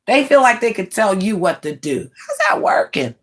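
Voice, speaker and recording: A woman's voice: medium pitch, big pitch swings, normal speed, husky. A woman in her late forties ranting bluntly on a livestream, scornful and mocking, with laughing asides. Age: 40s. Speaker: livestream host. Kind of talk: livestream rant.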